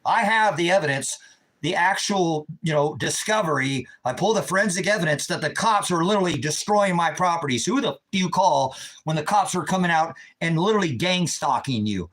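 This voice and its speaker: A man's voice: high-pitched, poor audio. A middle-aged man delivering an agitated, ranting monologue to his viewers. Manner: agitated, ranting, shouts in retold quotes. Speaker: ministry video host. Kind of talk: impassioned monologue.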